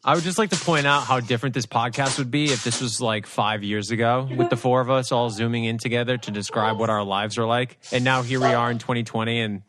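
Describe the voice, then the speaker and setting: A man's voice: mid-range voice, fairly even intonation, fast, hardly any pauses, background noise. A man co-hosting a podcast, chatting and joking over a video call. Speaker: podcast co-host. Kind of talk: casual chat on a video call.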